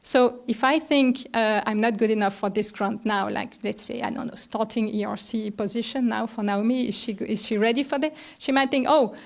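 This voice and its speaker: Middle-aged woman panelist, conversational, a little high-pitched. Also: moderate pace, gravelly, hardly any pauses. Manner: conversational, thoughtful, with restarts. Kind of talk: round-table talk. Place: lecture room.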